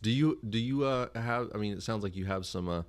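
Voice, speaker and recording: Man, podcast co-host, casual chat, animated storyteller, exasperated. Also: on the low side, brisk.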